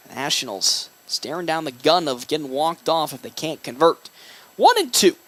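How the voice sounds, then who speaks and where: A young man doing baseball play-by-play with a high, lively voice that leaps on big plays. He reads sponsor names quickly between pitches. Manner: excitable, rising on big plays. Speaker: play-by-play announcer.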